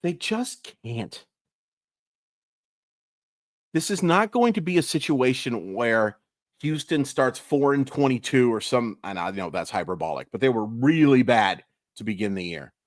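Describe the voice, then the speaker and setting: A man's voice: medium pitch, expressive, normal speed, dry recording, studio quality. A man hosting a daily baseball recap channel, venting with exasperated emphasis. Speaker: sports YouTuber.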